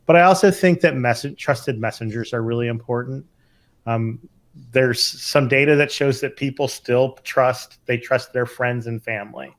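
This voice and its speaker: Halting middle-aged man on a podcast. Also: mid-range voice. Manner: thoughtful, halting, many fillers and restarts. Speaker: emergency physician co-host. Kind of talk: casual podcast chat.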